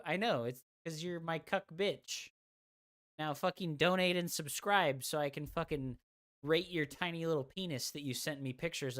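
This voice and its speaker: A woman's voice: deep voice, clean tone. A woman streaming a game, chatting casually with her viewers in crude, profane, teasing banter. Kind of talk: casual gaming stream chat.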